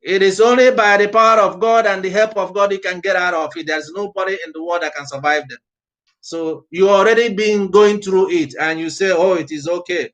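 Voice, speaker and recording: A man preaching a passionate sermon with an accent, exhorting his listeners and admitting he often speaks fast. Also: sits high, steady tone, fairly bright tone. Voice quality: non-native-sounding accent, unnamed. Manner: fervent, exhorting, speaks fast by own account. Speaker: prophet preaching. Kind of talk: impassioned sermon.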